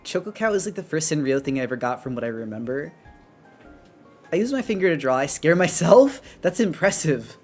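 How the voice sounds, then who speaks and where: This is a streamer chatting casually while drawing, rambling and restarting often. The voice sits in a middle pitch. Soft music plays faintly behind. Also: sing-song, a little fast. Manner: rambling, many fillers and restarts. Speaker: art streamer. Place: apartment on an upper floor.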